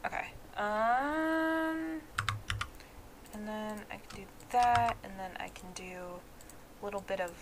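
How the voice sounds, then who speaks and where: Playful bright-voiced woman streamer. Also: medium pitch, slight background noise. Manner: playful, goofy, self-mocking. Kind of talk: casual gaming chat.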